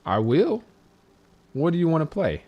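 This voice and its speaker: A young man chatting casually on speakerphone, playfully teasing a friend and then gently talking with his small son. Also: on the high side, huge pitch swings, normal speed, vocal fry, dull audio. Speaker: streamer and father. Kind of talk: casual phone chat.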